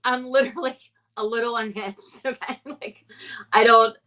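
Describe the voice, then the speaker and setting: A bubbly woman chatting casually as a podcast co-host, giggling often as she gushes. Her voice is bright and forward, though she sits a little back from the mic. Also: fairly high pitch, steady tone, moderate pace, recorded from a distance, rough recording. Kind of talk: casual chat.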